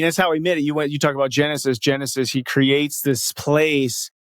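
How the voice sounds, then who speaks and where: A man's voice: mid-range voice, clear, resonant tone, no room sound. A man hosts a podcast in loose, casual talk full of slang, upbeat and encouraging toward his guest. His voice sits mid-range. The sound is dry and close to the mic. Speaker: podcast host. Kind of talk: casual conversation.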